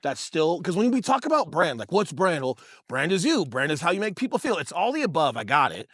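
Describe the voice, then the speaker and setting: A man's voice: a little high, very animated, brisk, a bit bright, no room sound, studio quality. A man in his thirties co-hosting a podcast, telling stories in a casual, profane way, calling listeners bro and dude. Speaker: podcast co-host and real estate agent. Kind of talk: casual storytelling chat.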